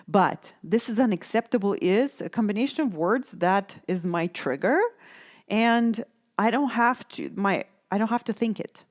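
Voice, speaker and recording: A middle-aged woman hosts her own parenting podcast, talking alone to her listeners. She thinks aloud as she goes, often correcting herself and tagging her points with a questioning "right?". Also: lowish voice. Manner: reflective, self-correcting, frequent "right?" tags. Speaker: podcast host, parenting coach. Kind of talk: casual solo podcast talk.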